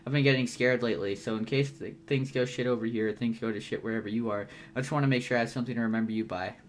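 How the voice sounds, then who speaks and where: A man's voice: mid-range voice, steady tone, racing, a little hiss or hum, close to an everyday voice. A man reading the part of an awkward, insecure young man who rambles and stumbles over his words, in a fan read-aloud. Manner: hesitant, stumbling, self-conscious rambling.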